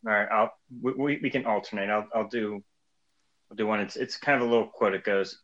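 A man co-hosting a casual movie chat who talks in halting restarts and laughs. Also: lowish voice, fairly bright tone, highs cut off. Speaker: podcast co-host.

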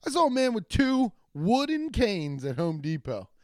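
A man's voice: sits high, big pitch swings, normal speed, no room sound, clean studio sound. A man doing a loose, crude comedy monologue, swearing often and laughing at his own jokes. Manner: trails off and restarts a lot.

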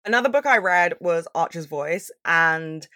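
A woman's voice: fairly low pitch, expressive, a little slow, pushed and bright, dry recording, studio quality. A young woman vlogging in a casual, chatty way, swearing freely and gushing about what she loves. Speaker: book vlogger. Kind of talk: casual chat.

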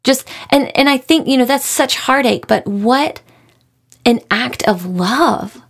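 A woman's voice: high-pitched, slow, husky. A woman hosting a podcast, talking through a book she loved in an earnest, emotional, heartfelt way. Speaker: podcast host. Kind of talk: casual book review monologue.

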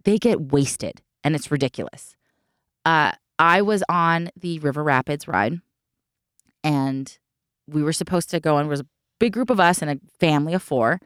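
Woman storyteller, low smooth voice, dry close sound, animated anecdotes. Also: normal speed, no room sound. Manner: animated, acts out quotes, swears. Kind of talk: casual storytelling chat.

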